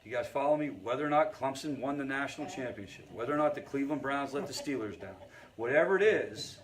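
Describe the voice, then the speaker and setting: A man with a mid-range voice speaks fast and with animation, crowd noise around him. He leads a family recovery group, teaching conversationally, dropping in storytelling asides and checking in with the audience often.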